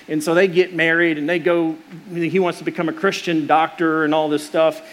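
A middle-aged man preaching a sermon, earnest and storytelling, with restarts and fillers. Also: on the high side. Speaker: pastor.

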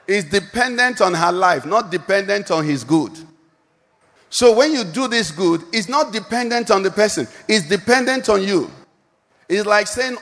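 Preaching man with a raised pitch. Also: lively intonation, moderate pace, fairly bright tone, long reverb tail. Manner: preaching with call-and-response questions to the congregation. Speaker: pastor. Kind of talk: sermon. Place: church hall.

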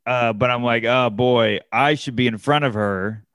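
A man's voice: medium pitch, normal speed, a bit bright, smooth, no room sound, clean studio sound. A man casually telling a long anecdote, with many fillers and restarts. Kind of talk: casual chat, storytelling.

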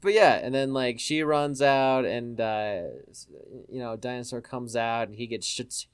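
A young adult man recaps a film for his co-hosts, stumbling through fillers and swearing freely. He speaks at a middling pitch in loose, casual chat. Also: a little slow, clear, resonant tone. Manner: rambling, profane, filler-heavy. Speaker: podcast co-host.

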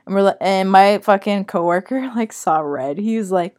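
A woman's voice: mid-range voice, brisk, hardly any pauses. A young woman co-hosting a podcast, telling stories in casual chat, swearing and acting out what others said. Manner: animated, profane, acts out quotes. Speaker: podcast co-host.

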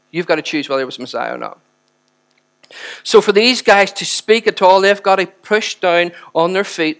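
A man preaching a sermon with impassioned, animated emphasis. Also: fairly high pitch.

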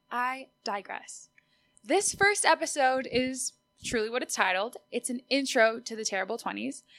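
A woman's voice: fairly high pitch, fairly bright tone, dry recording. Bubbly young woman hosting a podcast. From Austin, Texas. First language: Spanish. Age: 20s. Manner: bubbly, chatty and upbeat. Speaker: podcast host. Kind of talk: solo podcast monologue.

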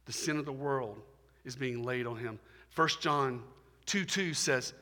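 A man pastor preaching a sermon, emphatic and repetitive, swinging between loud stresses and quiet drops. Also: medium pitch. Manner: emphatic, repetitive preaching with rising and falling intensity. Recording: long hall reverb.

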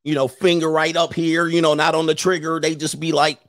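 A middle-aged man hosts a livestream and tells stories in a loose, casual way, often laughing at his own lines. His voice sits fairly high for a man. The sound is dry, with no room echo. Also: flat delivery, brisk, fairly bright tone. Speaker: livestream host.

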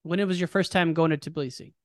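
A man hosting a casual interview, eager and chatty, sometimes thinking out loud. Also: a little high, fairly even intonation, fast talker, dry recording, studio quality. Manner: eager, cheering, thinks aloud. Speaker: interviewer, host.

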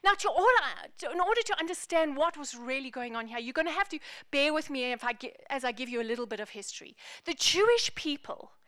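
A woman pastor preaching a sermon in an animated, playful, emphatic way. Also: sits high, fast, few pauses, no room sound, studio quality.

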